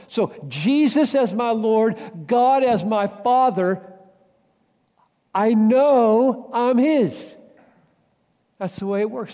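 Male preacher, warm and mellow, rising to urgent bursts and dropping to hushed asides, long hall reverb. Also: high-pitched. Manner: swings from loud urgent bursts to hushed near-whispers. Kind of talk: sermon.

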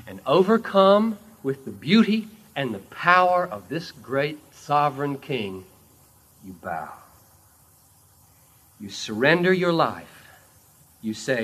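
A man preaching a sermon as a story, with dramatic swings between loud and hushed delivery. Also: mid-range voice, sing-song, measured pace, slightly rough.

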